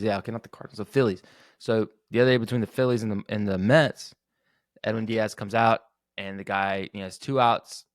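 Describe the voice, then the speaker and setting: A young man rants on his podcast in a casual, profane flow, restarting his sentences and stacking on the emphasis. His voice sits at an ordinary middle pitch. The sound is dry and close, with no room around it. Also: dry recording. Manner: profane, animated, frequent self-corrections. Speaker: podcast host. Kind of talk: casual rant.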